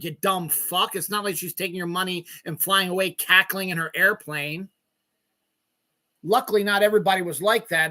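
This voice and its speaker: Male podcast host, middle-aged, from Maryland: foul-mouthed ranting solo monologue, tense and bright tone. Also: on the high side. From Maryland, USA. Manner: profane, ranting, swears constantly; rambling, searches for words.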